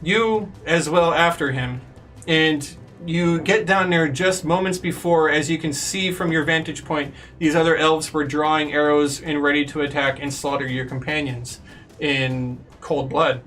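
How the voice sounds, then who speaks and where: Male game master, bright, slightly high, loose narration, mic a bit far off, faint music. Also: fairly even intonation, unhurried. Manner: loose, filler-heavy narration.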